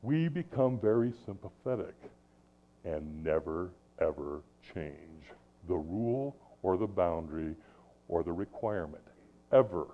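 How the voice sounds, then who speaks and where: A middle-aged man preaching a sermon, animated, swinging between loud emphasis and soft asides. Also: low-pitched, unhurried. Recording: tinny phone-like sound.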